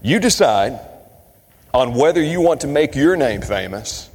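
A man from Kentucky preaching a sermon, shifting his pace and pitch for emphasis as he quotes scripture. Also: very animated, measured pace, darkish tone, slightly rough. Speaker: pastor. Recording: long hall reverb.

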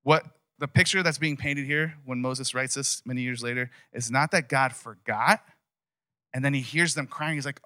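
Male pastor, casual sermon, emphatic and conversational; crisp bright tone, dry close sound. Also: mid-range voice, moderate pace, no room sound.

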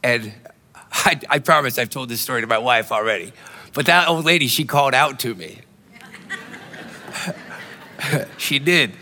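A man's voice: medium pitch, a little slow, creaky, long pauses, bright, forceful tone, a little hiss or hum. A male pastor preaching a sermon in a conversational, storytelling way, often restarting his phrases. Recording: long hall reverb.

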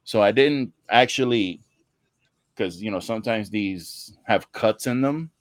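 A man's voice: fairly low pitch, unhurried, no echo, clean studio sound. A man hosting a podcast, laid-back and organizing the conversation. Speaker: podcast host. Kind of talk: casual chat.

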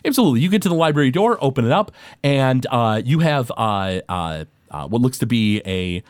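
A man narrating a tabletop game as game master, halting with many fillers. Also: mid-range voice, big pitch swings, clear, resonant tone, no room sound.

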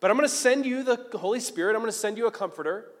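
A man doing a frank, easygoing teacher who talks in slang, in a fairly high male voice. A long echo from a large hall follows each phrase, as a preacher acts him out. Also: lively intonation, rapid-fire. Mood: plain. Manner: blunt, casual slang.

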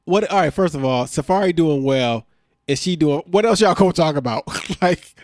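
A man's voice: a little high, moderate pace, no room sound. Male co-host, casual and exasperated, dry close-miked recap chat. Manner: animated, exasperated, laughs often, slangy. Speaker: podcast co-host recapping a reality show.

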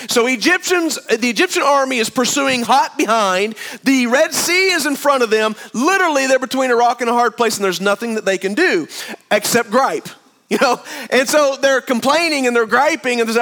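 A man's voice: very high voice, normal speed, bright, forceful tone. A man preaching a sermon to a congregation, retelling the story in a chatty, storytelling way and speaking straight to the room.

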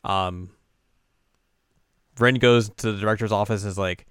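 A man's voice: on the low side, measured pace, long pauses, clean tone, no room sound, studio quality. Young man rambling through a casual recap. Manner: rambling, animated, keeps slipping into character voices. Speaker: podcast co-host. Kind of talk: casual anime episode recap.

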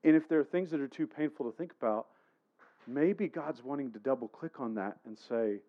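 A man's voice: mid-range voice, a little fast, phone-quality sound. A man preaching a sermon, telling a personal story in a conversational way and putting questions to the congregation. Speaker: pastor.

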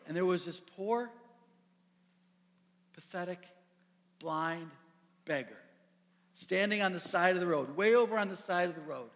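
A man preaching a sermon, animated and storytelling, acting out the characters. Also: a little high, fairly quick. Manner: animated storytelling, acts out voices. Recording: echoey hall.

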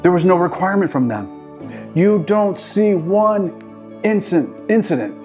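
A middle-aged man preaching a sermon with passion, swinging from loud, urging calls to hushed, intense storytelling. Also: high voice, animated, unhurried, faint music behind. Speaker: pastor.

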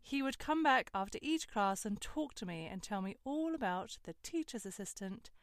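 A woman's voice: mid-range voice, lively intonation, moderate pace, no echo. Sardonic young woman telling a story. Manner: candid, sardonic, swears freely. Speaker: host. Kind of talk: storytelling monologue.

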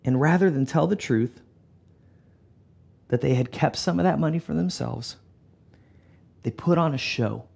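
A man preaching a sermon in an animated, emphatic way, often dropping to a soft, low delivery. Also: measured pace, vocal fry, long pauses, breathy edge. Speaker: pastor.

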